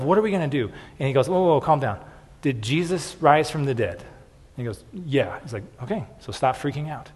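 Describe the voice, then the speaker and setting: An earnest male pastor preaching a sermon, his husky voice carrying a long reverb through a church hall. He often doubles words and drops "okay" between points, and his pitch sits in a middle range.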